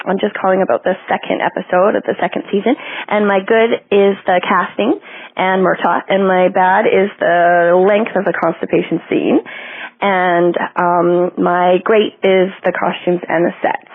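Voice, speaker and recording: A woman's voice: mid-range voice, level tone, unhurried. A woman from Canada calling in to a podcast, talking chattily with many fillers. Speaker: caller. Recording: phone line.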